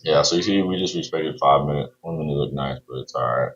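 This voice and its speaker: A man's voice: a bass voice, fast, dull audio. A man talking casually while day trading, laid-back and slangy, often saying "bro" and swearing. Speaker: day trader streaming his trades.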